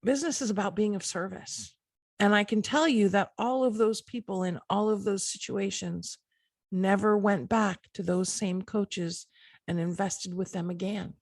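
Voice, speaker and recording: A woman's voice: medium pitch, fairly even intonation, normal speed, creaky, a little mellow, no room sound. A middle-aged woman hosting a motivational podcast, talking earnestly and encouragingly straight to the listener. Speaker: podcast host.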